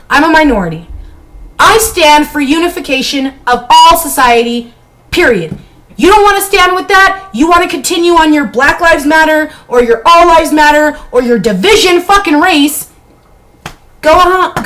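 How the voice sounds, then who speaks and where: A woman with a high voice rants bluntly during a live stream from her bedroom. Her speech is heated and full of swearing, and it is unscripted. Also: fairly bright tone, rough recording.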